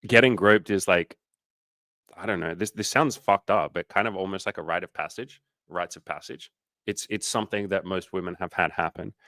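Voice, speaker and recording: A man's voice: sits low, moderate pace, pushed and bright, no room sound. A man talking as a dating coach in a casual livestream chat. He swears freely, speaks candidly, and acts out the people he quotes in exaggerated voices.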